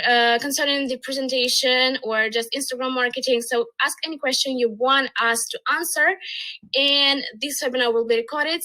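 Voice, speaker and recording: Upbeat woman hosting a webinar, high voice. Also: bright, forceful tone, poor audio. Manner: upbeat, reads chat messages aloud. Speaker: webinar host. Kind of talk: live webinar hosting, greeting chat.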